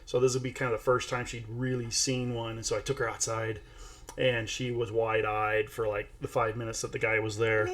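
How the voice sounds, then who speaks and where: A man's voice: medium pitch, level tone, moderate pace, fairly bright tone. A man hosting a casual screen-share tutorial, chatting his way through each step and talking to a toddler at his side. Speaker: AI art tutorial host.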